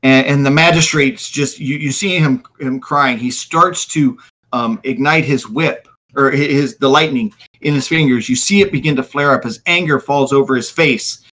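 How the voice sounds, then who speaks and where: Guy gm narrating the scene, bright clear voice, lots of vivid detail. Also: medium pitch, normal speed. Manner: descriptive, vivid narration with fillers. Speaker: game master. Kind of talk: narrating a tabletop game.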